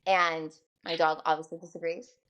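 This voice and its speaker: A woman's voice: low voice, level tone, normal speed, lo-fi sound. A young woman, a radio host, talking casually and earnestly on a podcast. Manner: chatty, earnest, laughs often.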